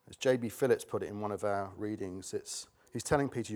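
A man's voice: on the low side, brisk, hardly any pauses, a little mellow. A middle-aged man preaching a sermon, emphatic and repeating key words for stress.

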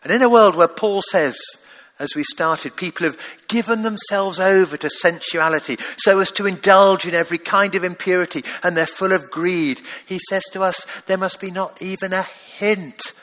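High, bright-voiced preacher. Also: male voice, moderate pace. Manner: emphatic and exhorting, repeats phrases. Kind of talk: sermon.

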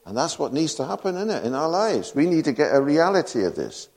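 A man's voice: fairly high pitch, big pitch swings, brisk, darkish tone. A man preaching a sermon, full of rhetorical questions and laughing asides.

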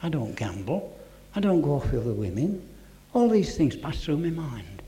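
A man telling his church testimony to a congregation, earnest, dropping to a hush for quoted voices. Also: fairly high pitch, very animated, moderate pace, a little hiss or hum.

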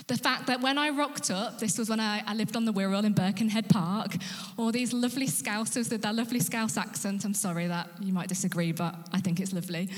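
Woman preacher, earnest, whispers for emphasis, rallies listeners, long hall reverb. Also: mid-range voice. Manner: rallies the congregation with questions. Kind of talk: sermon.

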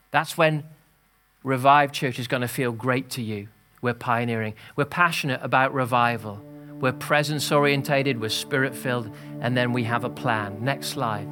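Energetic pastor preaching. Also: male voice, medium pitch. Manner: energetic, exhorting, calls out to congregation. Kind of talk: sermon. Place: church hall.

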